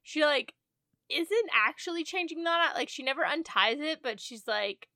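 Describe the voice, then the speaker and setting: A woman co-hosts a podcast in relaxed, chatty conversation with wry little asides. Her voice is bright and somewhat high, and it sounds dry and close to the mic. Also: moderate pace, dry recording. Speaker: podcast co-host. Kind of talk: casual chat.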